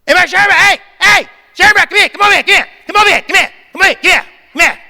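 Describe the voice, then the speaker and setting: A man playing a pushy, upbeat high school shop teacher who barks insistent repeated calls, in a big echoing hall. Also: expressive, normal speed, creaky, bright, forceful tone, full character voice. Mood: hollering. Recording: long reverb of a big hall.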